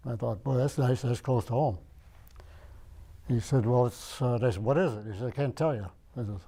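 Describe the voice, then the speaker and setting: A man's voice: medium pitch, a little fast, dark tone. An older man from Michigan, an interviewee in an oral history interview, rambling and searching his memory aloud. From Michigan, United States. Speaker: veteran interviewee.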